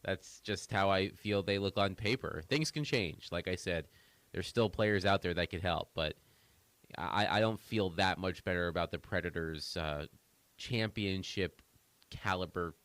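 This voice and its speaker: A man giving sports analysis on radio, halting and hesitant with many fillers. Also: deep voice, a bit bright, dry recording.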